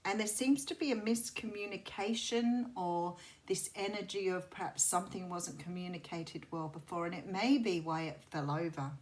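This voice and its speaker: A middle-aged Australian woman with a soothing voice, giving a chatty tarot reading to camera in a rambling, intuitive way. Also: lowish voice. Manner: rambling and intuitive, with many fillers and restarts. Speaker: tarot reader.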